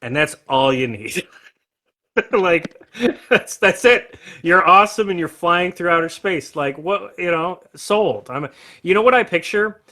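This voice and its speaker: A man hosting a casual livestream chat about music, animated and laughing often as he talks. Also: sits high, unhurried. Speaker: host.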